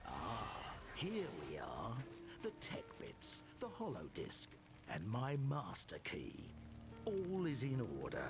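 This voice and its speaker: A man's voice: mid-range voice, huge pitch swings, slow pace. An actor playing a suave, scheming male crime lord in a video game, speaking in a put-on British accent with a silky, condescending manner. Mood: smug. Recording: video game audio over loud music. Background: game music.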